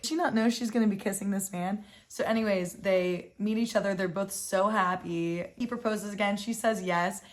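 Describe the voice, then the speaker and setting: A woman's voice: medium pitch, moderate pace, few pauses. Brief: young woman, vlog recap host, chatty and exasperated, mid-range voice, lots of "like", casual swearing. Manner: animated and exasperated, heavy filler "like", swears freely.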